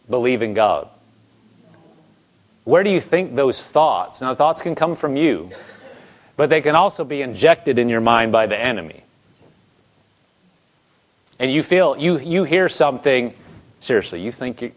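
A man's voice: mid-range voice, expressive, a little slow, long pauses. A man preaching a conversational sermon, asking lots of rhetorical questions and acting out people's thoughts.

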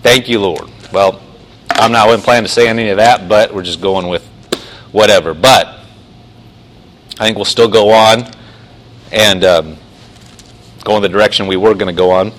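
A man preaching a sermon in a conversational way, often restarting and slowing down to stress phrases. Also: fairly low pitch, steady tone, fairly bright tone, poor audio. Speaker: pastor.

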